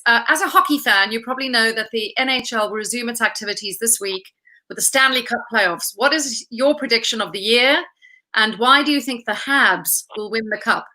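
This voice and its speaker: A woman's voice: a little high, sharp tone, poor audio. A woman hosting an interview, talking effusively and full of compliments. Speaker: host, interviewer. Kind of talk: interview chat.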